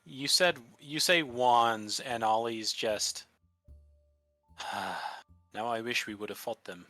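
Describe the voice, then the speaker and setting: A man's voice: mid-range voice, slow pace, sharp tone, no room sound, faint music behind. A man playing a tabletop game, asking questions and joking. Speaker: player. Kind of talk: tabletop role-play chat.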